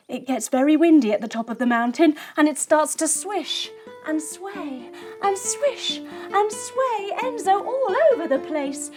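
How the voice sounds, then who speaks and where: A woman telling a yoga story for children in an animated, sing-song and encouraging way. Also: sits high, a little slow. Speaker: kids yoga instructor and storyteller.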